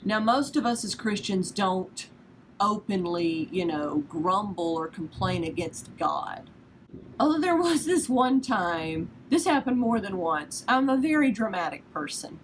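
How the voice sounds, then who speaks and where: A woman's voice: medium pitch, big pitch swings, measured pace, slight background noise, low-quality recording. A woman, hosting a casual devotional podcast in a chatty, self-deprecating storytelling manner. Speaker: podcast host.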